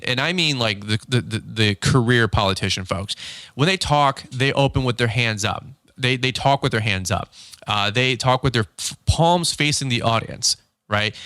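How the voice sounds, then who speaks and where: Bright-voiced man coaching casually. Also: dry recording. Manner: animated, acts out dialogue with pitch swings; repeats words and restarts often. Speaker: podcast host.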